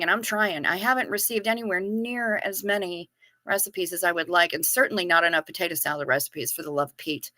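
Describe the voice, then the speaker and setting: Woman, live stream host, casual joking chat, bright tone, dry close sound. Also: mid-range voice, no echo. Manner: chatty, joking, reads chat aloud.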